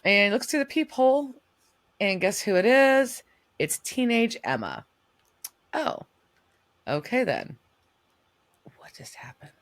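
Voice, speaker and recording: A woman's voice: fairly high pitch, very animated, a little slow, pauses often, no room sound. A woman co-hosting a podcast, recapping an episode in casual chat, swearing and acting out the characters' lines. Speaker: podcast co-host. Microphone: remote recording setup.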